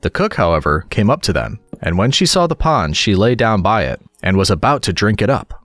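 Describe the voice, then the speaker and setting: A man narrating fairy tales in a calm, relaxing storybook reading. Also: fairly low pitch, a little fast, dry recording. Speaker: audiobook narrator.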